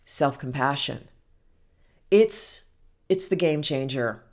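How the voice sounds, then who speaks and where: A woman giving a heartfelt self-help talk as a healing coach, speaking gently and soothingly and calling the listener honey. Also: extremely low pitch, expressive, slow pace. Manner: affectionate, calls listener honey and girl.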